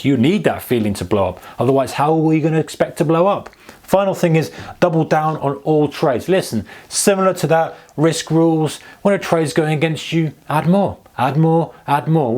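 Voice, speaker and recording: A man's voice: medium pitch, darkish tone. A man giving tongue-in-cheek trading advice to camera, with mock-enthusiastic, ironic urging. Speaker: trading educator.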